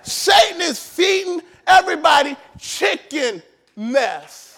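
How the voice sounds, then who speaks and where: A male pastor with an unusually high voice delivers a sermon in a church, shouting and hammering his points with repeated phrases. His tone is gravelly and he takes his time, drawing words out slowly. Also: big pitch swings. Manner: shouting, emphatic preaching with repetitions.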